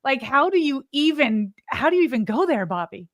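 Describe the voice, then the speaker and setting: A woman co-hosting a sports podcast, giving emphatic, animated opinions in casual talk. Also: high-pitched, fairly quick, no echo. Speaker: podcast co-host.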